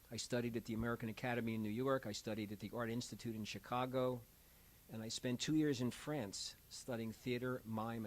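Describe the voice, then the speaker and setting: Older man telling stories in a lively way. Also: mid-range voice, low-quality recording. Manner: animated storyteller, acts out quoted voices. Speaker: end-of-life doula. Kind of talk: conversational storytelling. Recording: faint hiss.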